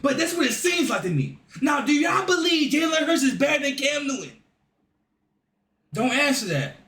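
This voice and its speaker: A man hosting a reaction video, talking casually, incredulous and excitable, repeating himself as he reacts. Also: very high voice, normal speed, far from the mic. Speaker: reaction host. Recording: echoey room, voice off-mic.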